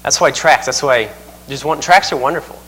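A man in the middle of his voice range delivers a sermon as a visiting missionary, folksy and quick to chuckle at his own stories. His words ring out with a long reverb across a church sanctuary. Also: medium pitch, bright, forceful tone, husky. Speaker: missionary preaching.

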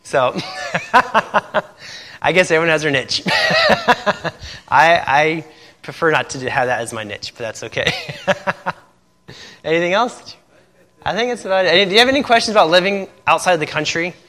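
A man's voice: a little high, lively intonation, unhurried, long pauses, sharp tone. A man, a missionary, talking casually to a group and laughing often between his sentences.

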